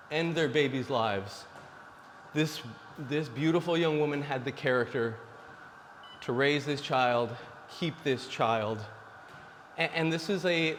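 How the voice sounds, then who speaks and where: A man's voice: medium pitch, a little hiss or hum. Blunt man in his forties, reverberant. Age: 40s. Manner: blunt, preachy, addresses viewers as guys. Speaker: dating advice vlogger. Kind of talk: casual direct-to-camera monologue.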